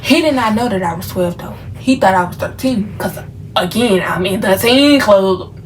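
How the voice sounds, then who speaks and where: A woman's voice: mid-range voice, expressive, normal speed, distant mic, faint music behind, rough recording. A woman from Memphis telling a casual storytime to her viewers, chatty and full of fillers. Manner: chatty, talks straight to viewers, many fillers. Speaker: vlogger.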